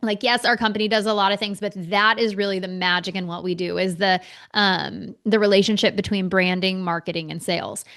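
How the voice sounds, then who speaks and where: A woman's voice: mid-range voice, flat delivery, fairly quick, fairly bright tone. A woman co-hosting a business podcast, talking candidly and animatedly, swearing freely as she tells stories. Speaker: podcast co-host. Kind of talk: casual business podcast talk.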